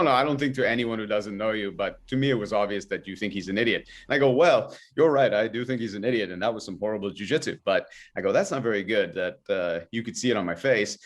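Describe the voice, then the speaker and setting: A man, a guest on a podcast, telling stories in a relaxed, chatty way and acting out his own thoughts in quoted asides. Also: lowish voice. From Canada. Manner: animated, acts out his own inner voice. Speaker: podcast guest, kettlebell coach. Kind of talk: casual interview storytelling.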